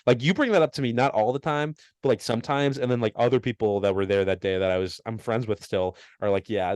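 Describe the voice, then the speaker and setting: A young man co-hosts a podcast in casual chat, rambling through a story full of laughter and self-mocking asides. His voice is fairly low and a little mellow, with no echo.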